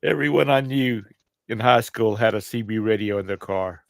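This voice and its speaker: A man's voice: lowish voice, moderate pace, creaky, no echo. A man co-hosting a casual live-stream chat, reminiscing and teasing the others.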